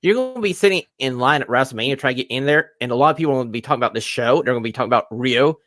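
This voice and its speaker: A man's voice: medium pitch, lively intonation, very fast, fairly bright tone, no room sound, clean studio sound. A man co-hosting a wrestling podcast, talking up matches in an upbeat, emphatic way. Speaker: podcast co-host. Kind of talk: casual wrestling podcast chat.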